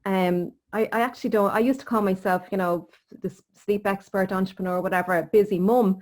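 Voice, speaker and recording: Woman host, mid-pitched, motivational, casual interview talk. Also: steady tone, a little fast. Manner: earnest, encouraging, motivational. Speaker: podcast host, sleep coach.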